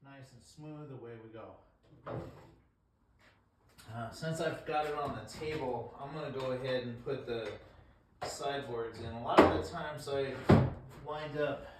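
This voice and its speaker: Unhurried DIY guy talking through his build, rambling and self-deprecating; recorded from across a boomy garage with tool noise. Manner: self-deprecating, rambling, stops mid-thought. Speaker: DIY woodworking vlogger. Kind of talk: casual how-to narration while working. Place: hot garage workshop in the desert. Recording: echoey garage, distant mic, tool noise.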